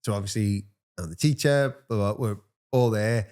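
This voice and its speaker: A man's voice: on the low side, normal speed, darkish tone, smooth. A man, a teacher co-hosting a casual chat, who tells rambling anecdotes full of quoted dialogue. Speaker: teacher and podcast co-host.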